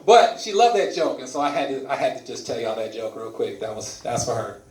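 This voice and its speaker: A man in his forties from Louisiana doing stand-up comedy and crowd work, animated and loud. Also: medium pitch, brisk, reverberant, recorded from a distance. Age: 40s. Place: comedy club with laughing audience.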